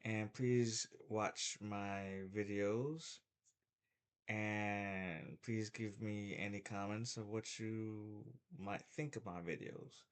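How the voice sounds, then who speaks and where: A man's voice: fairly low pitch, steady tone, slow, smooth. A middle-aged man giving a heated, repetitive opinion rant as a sports vlogger, stumbling and restarting as he talks.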